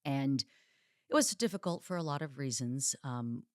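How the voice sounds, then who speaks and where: A woman hosting a solo podcast, telling personal stories in a candid, chatty way with dark jokes. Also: rumbling low, lively intonation, moderate pace, no echo, studio quality. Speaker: podcast host. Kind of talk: solo podcast monologue, casual storytelling.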